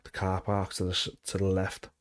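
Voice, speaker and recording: A man's voice: low voice, a little fast, dry recording. A man in his thirties, a former footballer with a Liverpool accent, telling stories in a casual interview, acting out quotes and swearing freely. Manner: animated, swears freely, acts out quotes loudly.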